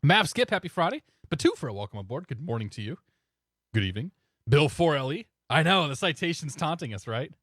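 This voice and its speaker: A man streaming a flight simulator, chatting casually and in a relaxed way with viewers, often chuckling. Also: fairly high pitch, fairly quick, husky, no room sound, clean studio sound. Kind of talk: casual live-stream chat.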